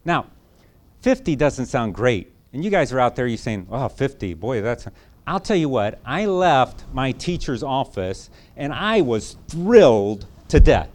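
A man delivering a sermon in an easy, folksy storytelling voice, circling back on his words as he goes. He then leans into emphatic, earnest preaching. His pitch sits in an ordinary middle range. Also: very animated, measured pace, a little mellow.

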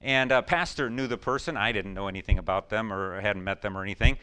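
A man preaching a sermon in a folksy storytelling way, full of fillers and restarts, now and then breaking into excited whoops. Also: lowish voice, fast, smooth. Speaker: pastor.

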